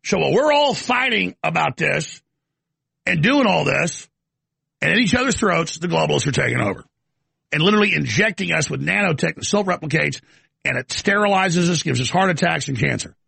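Ranting male talk show host, gravelly and husky, stammering restarts. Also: on the high side, animated, brisk, pushed and bright, no echo. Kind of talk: live talk show rant.

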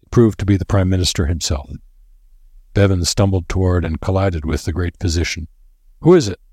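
A man narrates an audiobook in a steady, measured way. His voice is deep and husky. The recording is dry and close, with no room sound. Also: no room sound. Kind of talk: scripted narration.

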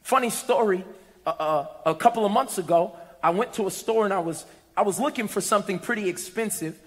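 A man preaching a sermon in a church, animated and humorous, pulling the congregation in with questions. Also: high-pitched, fairly quick. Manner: animated, humorous, call-and-response. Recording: echoey hall.

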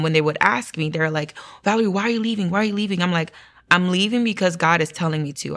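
A young woman tells her testimony in an interview, her voice sitting a little low. She talks in a lively, storytelling way, jumping up in pitch when she acts out her own past words. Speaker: guest sharing testimony.

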